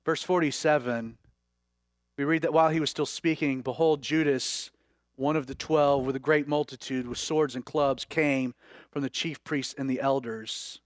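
A man preaching a sermon, telling a scripture story with dramatic swings between loud declarations and hushed lines. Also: medium pitch, steady tone, normal speed, dry recording, studio quality.

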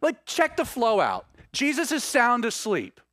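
A man preaching a sermon in an animated way, acting out the voices he quotes. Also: very high voice, measured pace, no room sound.

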